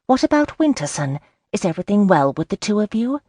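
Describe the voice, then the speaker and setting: A woman voicing an excitable, playful young Regency lady in an audiobook, eager and quick to squeal with delight. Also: medium pitch, no echo, clean studio sound, voice pushed up. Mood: excited. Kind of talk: audiobook character voice.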